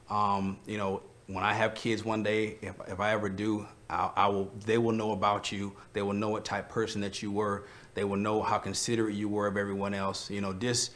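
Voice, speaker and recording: A man's voice: fairly low pitch, a bit bright. A young man, a coach, telling a rambling personal story in a tribute to a friend, holding back tears.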